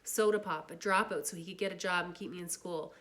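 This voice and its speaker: A woman reading a novel aloud in a steady, plain way. Her voice sits low for a woman. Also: fast. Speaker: reader.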